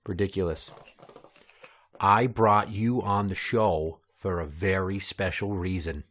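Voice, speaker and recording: A man hosting a mock children's show, gruff and deadpan with blunt profanity, reading out his own storybook. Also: sits low, slow pace. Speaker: podcast host.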